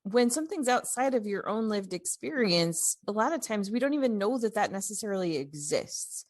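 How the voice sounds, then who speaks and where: A woman co-hosting a podcast, telling a story in a casual, animated way, with many fillers and restarts. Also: medium pitch, moderate pace, no echo, studio quality. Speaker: podcast co-host.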